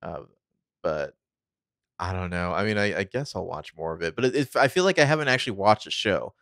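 This male co-host talks fairly quickly in a low-pitched voice, rambling through a casual podcast chat and performing the characters he quotes. His recording is clean studio sound without echo.

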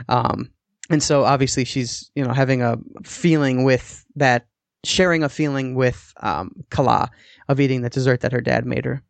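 A man's voice: medium pitch, steady tone, normal speed, creaky, no echo. A man co-hosting a podcast, casually recapping a TV episode in a rambling way with the odd swear word. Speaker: podcast co-host.

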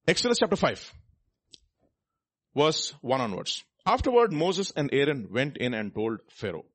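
A man with a medium-pitched voice and big pitch swings preaches a sermon at a measured pace in a dry recording. Between his comments he reads scripture aloud and presses listeners with rhetorical questions.

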